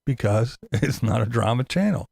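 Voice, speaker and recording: Male commentator, gravelly and sarcastic, swearing, pitch swinging widely, dry close sound. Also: expressive, normal speed, a little mellow, dry recording. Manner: profane, sarcastic, mocking. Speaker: YouTube commentator. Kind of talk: ranting commentary.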